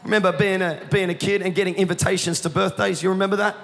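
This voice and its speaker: A male pastor preaching a passionate sermon that builds into shouts, his voice going hoarse. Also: sits high, steady tone, fast talker, in a large hall, slight background noise. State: losing his voice. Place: church hall. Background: music playing underneath.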